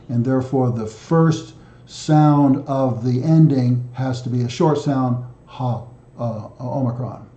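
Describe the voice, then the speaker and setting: Man, lesson host, mellow dark tone, dull lo-fi sound, chanted drills, halting self-corrections. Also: mid-range voice. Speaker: self-taught language video host. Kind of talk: recorded lesson reciting word endings. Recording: echoey room, dull sound.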